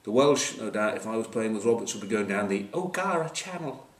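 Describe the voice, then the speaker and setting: Man, rugby pundit, low-ish voice, wry asides, distant camcorder in a roomy space. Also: lively intonation, fairly quick. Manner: wry, joking asides, many fillers. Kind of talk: casual match preview. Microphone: camcorder mic at a distance.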